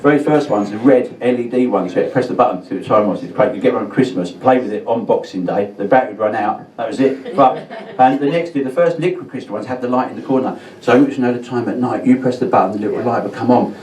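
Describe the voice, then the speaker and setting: A man's voice: medium pitch, quick pace, hardly any pauses. A man performing a stand-up comedy set in a pub, swearing often and stumbling over his words. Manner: swears a lot, stammers and restarts. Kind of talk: stand-up routine. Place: pub function room with a live audience. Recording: roomy live pub set mic'd from a distance, loud crowd laughter.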